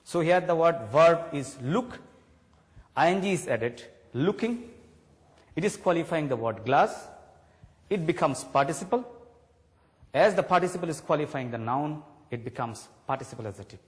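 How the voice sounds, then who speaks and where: A man teaching a grammar lesson on television, slowly stressing key words for his students. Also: on the high side, lively intonation, long reverb tail. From Bangladesh.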